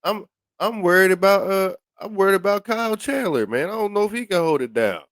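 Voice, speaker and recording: A man's voice: brisk, dry recording, clean studio sound. A man hosting a podcast, talking casually with many restarts and repeated words. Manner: stammering restarts, lively pitch swings. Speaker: podcast host. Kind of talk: casual commentary.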